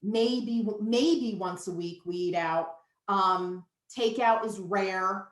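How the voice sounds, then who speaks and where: A woman's voice: mid-range voice, slow. A woman in her fifties, a nutritionist guest, talking candidly and emphatically in a casual interview. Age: 50s. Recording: roomy echo.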